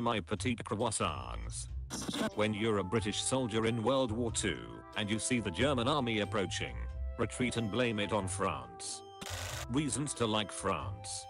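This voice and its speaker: A man reading meme captions aloud in a dry, deadpan, clipped way. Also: fairly low pitch.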